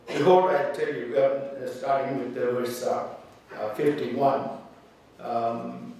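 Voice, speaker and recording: A man speaks at a funeral in a slow, halting way, full of pauses and fillers, then grows fervent when he reads scripture. He is heard from a distance in a very echoey church hall with faint background noise. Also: mid-range voice, fairly even intonation, darkish tone. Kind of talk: funeral tribute and scripture reading.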